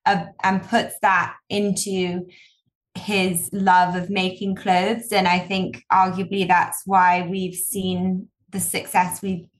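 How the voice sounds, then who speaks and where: A woman's voice: fairly low pitch, flat delivery, takes it slowly. A young woman speaking in an interview, talking in long rambling sentences about her design partner. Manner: rambling, full of fillers and restarts. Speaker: designer, guest. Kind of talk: casual interview chat.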